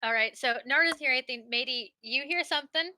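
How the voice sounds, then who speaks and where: A woman running a tabletop game as dungeon master, narrating quickly and laughing easily. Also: sits high, pushed and bright, a little hiss or hum.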